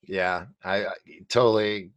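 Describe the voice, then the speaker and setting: A man's voice: deep voice, fairly even intonation, unhurried, no room sound, highs cut off. A man hosting a talk show, interviewing a guest with easygoing, casual chat and brief responses. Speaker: show host.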